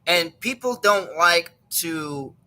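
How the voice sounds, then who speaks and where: A man's voice: on the high side, expressive, slow pace, bright, forceful tone, low-quality recording. A man casually retelling a story, rambling and correcting himself as he goes, with a chuckle in his voice. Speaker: show host.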